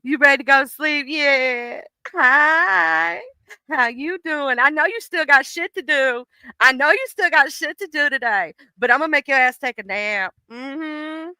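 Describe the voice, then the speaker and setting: A woman's voice: high-pitched, unhurried, pushed and bright, no echo, heavily acted. Smug sleepy Exhaustion, as a woman puts her on. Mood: mocking. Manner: sweetly mocking. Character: smug drowsy female Exhaustion.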